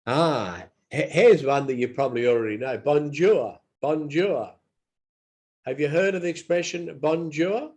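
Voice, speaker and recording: This man's slightly mellow voice sits on the high side as he runs a relaxed English lesson while unwell. He goes slowly, repeating every phrase aloud so listeners can copy it.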